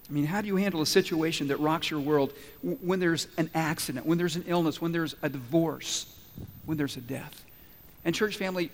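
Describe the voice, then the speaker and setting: A man preaching a sermon as pastor, telling stories with acted-out quotes and asking emphatic questions. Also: fairly high pitch. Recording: long hall reverb.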